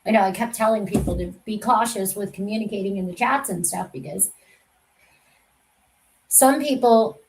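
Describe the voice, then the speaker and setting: A woman's voice: medium pitch, normal speed, long pauses, a little hiss or hum, poor audio. A woman hosting a casual true crime livestream, talking in a rambling, confiding way that trails off mid-sentence.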